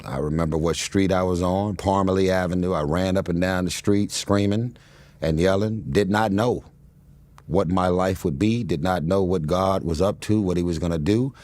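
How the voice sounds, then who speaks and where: Deep-voiced man telling stories, fillers. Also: moderate pace, a little mellow, dry recording. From Los Angeles, United States. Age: 40s. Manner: rambling, laughs often, frequent fillers and restarts. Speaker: guest. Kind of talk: casual interview storytelling.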